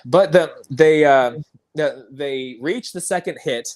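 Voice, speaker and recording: A man with a slightly high voice takes his time as host of a casual film discussion podcast. He eagerly recaps scenes and laughs often.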